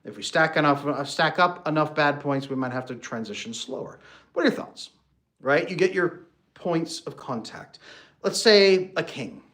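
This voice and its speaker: Animated male relationship coach. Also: a little high, moderate pace. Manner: lively, swings into playful mock voices for examples. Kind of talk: animated solo talk with acted-out examples.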